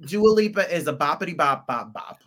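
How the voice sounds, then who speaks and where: A man's voice: a little high, animated, a little fast, fairly bright tone. Playful man with a put-on American accent. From England. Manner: playful, theatrical asides. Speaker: podcast co-host. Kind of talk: casual chat.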